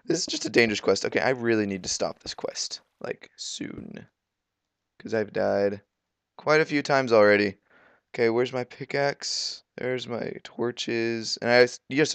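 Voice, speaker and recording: A teenage boy giving casual, excitable commentary while playing a video game, grumbling and exclaiming at what happens. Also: medium pitch, clean tone, no echo. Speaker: gaming video creator.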